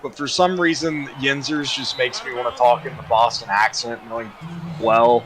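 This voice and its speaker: Young male co-host for a stream broadcast, mid-pitched, dry teasing delivery, faint noise behind. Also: steady tone, moderate pace, a bit bright, poor audio. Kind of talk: casual live-stream chat.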